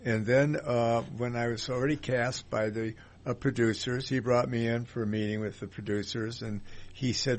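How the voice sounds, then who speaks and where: A man's voice: mid-range voice, fairly even intonation, normal speed. An older man hosting a talk radio show, telling rambling anecdotes in a casual, friendly way with lots of fillers.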